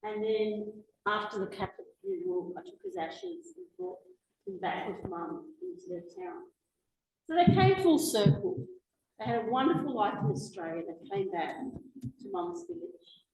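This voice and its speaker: A middle-aged woman speaks as a guest at a public talk, recalling her family in a reflective, unhurried manner with the odd small restart. Her voice sits a little high. The recording carries the echo of a meeting hall with a faint hiss underneath. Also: big pitch swings, creaky, a little mellow. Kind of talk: personal storytelling in a public talk. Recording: echoey room with faint noise.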